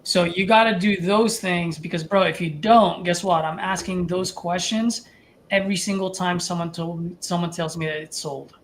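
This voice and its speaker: A man coaching a trainee, animated and casual, talking through sales feedback. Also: sits high, moderate pace, slight background noise. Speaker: wholesaling coach and host.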